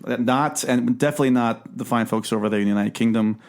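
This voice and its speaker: Brief: male podcast host, mid-pitched, talky and animated, frequent restarts. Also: fast. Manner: chatty, animated, many restarts. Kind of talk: casual book discussion.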